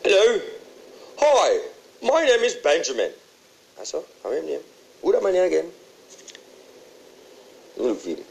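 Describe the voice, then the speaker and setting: A man's voice: fairly high pitch, huge pitch swings, a little slow, creaky, long pauses, full character voice, poor audio. A Jamaican man voicing an old statesman on a banknote, chatty, rambling and forgetful in a comedic bit. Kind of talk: comedic impression.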